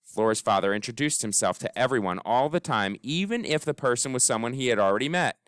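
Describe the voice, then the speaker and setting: A man reading a children's story aloud in an expressive, animated way, giving the characters voices. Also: medium pitch, fast, clean tone, dry recording, clean studio sound. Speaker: audiobook narrator.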